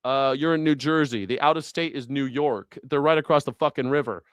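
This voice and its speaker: A man's voice: medium pitch, a little fast, smooth, no echo, studio quality. A man hosting a news reaction show, sarcastic and incredulous and swearing freely. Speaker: host.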